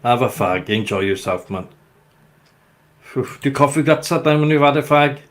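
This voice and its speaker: A man's voice: medium pitch, expressive, normal speed. An older man with a Welsh accent, hosting a casual chat and telling rambling, jokey stories. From Wales. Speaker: host.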